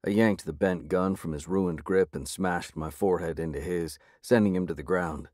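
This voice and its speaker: A man reading a first-person audiobook in a measured, gritty way. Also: low voice, darkish tone, no echo, studio quality. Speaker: audiobook narrator.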